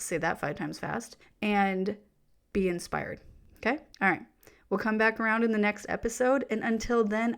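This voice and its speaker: A woman hosting a solo reflective podcast, talking gently and encouragingly straight to the listener, chatty, with fillers and self-corrections. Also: mid-range voice. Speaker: podcast host.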